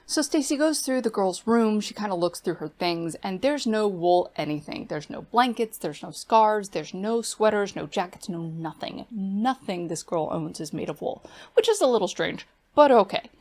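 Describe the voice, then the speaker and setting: Woman book reviewer, chatty recap, mid-pitched, lots of fillers. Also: expressive, moderate pace, few pauses, darkish tone. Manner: chatty, filler-heavy retelling. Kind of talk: casual plot recap.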